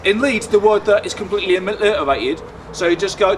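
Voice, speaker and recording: A man's voice: sits high, fairly quick. A young man from Luton with a southern English accent, doing a sardonic, chatty stand-up routine outdoors, stretching out his punchlines. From Luton, England. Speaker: stand-up comedian. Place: outdoors in a city. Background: faint outdoor ambience and traffic.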